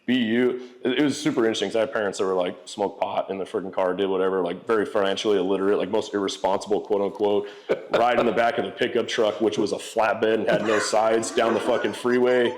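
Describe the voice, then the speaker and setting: A man's voice: lowish voice, fairly even intonation, quick pace. A man in his forties, a podcast guest telling candid stories in a casual, profane way, full of fillers like "like" and "you know". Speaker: real estate entrepreneur guest.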